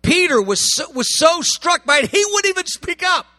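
A man preaching a sermon with passion, acting out quoted voices and swinging from hushed tones to shouts. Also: very high voice, very animated, normal speed, no echo.

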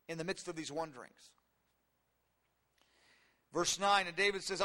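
A man in his fifties preaching a sermon in an animated way, acting out voices in the story with sudden leaps in pitch. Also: normal speed, pauses often, long reverb tail. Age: 50s.

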